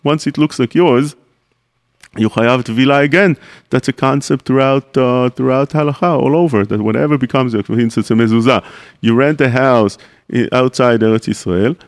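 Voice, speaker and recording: A man's voice: mid-range voice, moderate pace. Man teaching a rabbinic class. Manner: explanatory, poses questions then answers them; mixes Hebrew terms into English. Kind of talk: radio Torah class.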